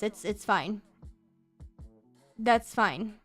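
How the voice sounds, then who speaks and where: A woman streaming as a VTuber, chatting casually with her viewers while drawing. She talks in a playful, teasing way and swaps between very fast and deliberately slow speech. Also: fairly high pitch, fairly bright tone. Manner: teasing, mock-offended outbursts at chat. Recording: faint background music.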